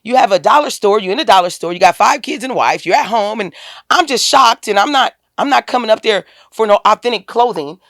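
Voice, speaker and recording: A woman, a guest on an interview podcast, telling a personal story in a casual, animated way and acting out the quoted dialogue with a lifted voice. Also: on the high side, brisk, no room sound, studio quality. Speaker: podcast guest, tax business owner.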